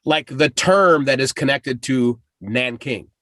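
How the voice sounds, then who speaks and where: A man's voice: medium pitch, takes it slowly, sharp tone, no room sound. Casual rambling man with a dry voice. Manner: loose, profane, rambling with restarts. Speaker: podcast host. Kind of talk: casual chat.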